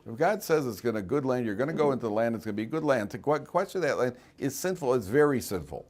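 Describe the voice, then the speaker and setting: Rabbi teaching an animated classroom lesson. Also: male voice, mid-range voice, fast. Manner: animated, acts out voices of people in the story; breaks off to address students directly. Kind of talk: classroom Torah lecture.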